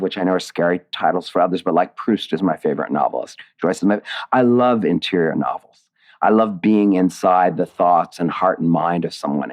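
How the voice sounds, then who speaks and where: Man, middle-aged, very low voice, emotional talker who restarts sentences, interview guest. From United States. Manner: animated, emotional storytelling with many restarts. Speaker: guest, playwright and lyricist. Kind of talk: conversational interview.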